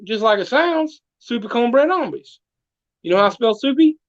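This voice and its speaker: A man's voice: very high voice, animated, normal speed, muffled recording. A man telling a comedic folksy story as a guest, drawling and full of country sayings.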